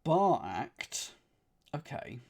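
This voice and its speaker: A man working through a crossword live, murmuring each clue back to himself and counting letters on his fingers aloud. His voice sits at an ordinary middle pitch for a man, relaxed and conversational as he reasons it through. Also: extremely slow, creaky. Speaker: puzzle streamer. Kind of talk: thinking aloud while solving live.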